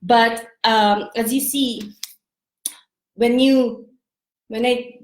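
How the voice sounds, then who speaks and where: Slow-talking Filipino woman in an echoey room. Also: a little high, fairly even intonation. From Philippines. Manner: chatty, laughs often, many fillers and restarts. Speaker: vlogger. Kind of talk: casual explainer vlog.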